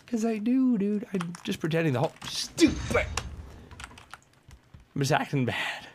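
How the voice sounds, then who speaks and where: Excitable young man ranting over a game. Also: sits high, unhurried, background noise. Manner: excitable, frustrated, yelps and rants. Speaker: gamer. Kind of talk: gameplay commentary.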